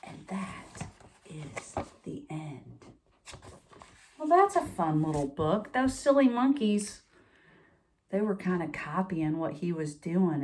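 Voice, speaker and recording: Woman doing storytime, very expressive up-and-down voice, chatty asides to the kids. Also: lowish voice. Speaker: storytime reader. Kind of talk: reading a picture book aloud to children.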